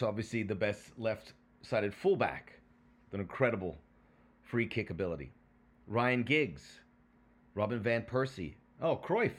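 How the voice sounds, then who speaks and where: A man hosting a podcast, chatting casually and telling stories in a lively way, then reading a prepared segment. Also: lowish voice. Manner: lively, animated storyteller. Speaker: podcast host.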